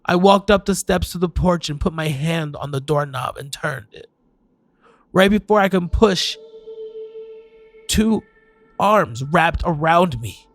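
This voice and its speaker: Slow, high-voiced male horror narrator. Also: animated, faint music behind. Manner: hesitant, with sighs and restarts. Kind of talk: first-person horror storytelling.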